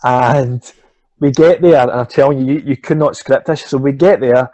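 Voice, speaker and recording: A middle-aged Scottish swimming coach with a medium-pitched, dark voice tells a long sporting anecdote at a moderate pace in a casual storytelling interview, swearing freely and acting out the voices of the people involved. The recording has no echo, and its highs are cut off.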